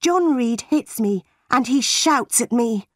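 Storybook heroine: woman reading a defiant ten-year-old girl, earnest and slow. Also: fairly high pitch, expressive, dry recording, clean studio sound, pitched above the performer's own voice.

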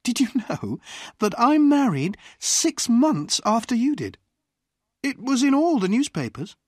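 Reader doing a knowing old flame, about thirty, husky and slow, dry booth sound. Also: medium pitch, sing-song, no echo, pitched above the performer's own voice. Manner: playful, knowing. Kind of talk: audiobook character reading.

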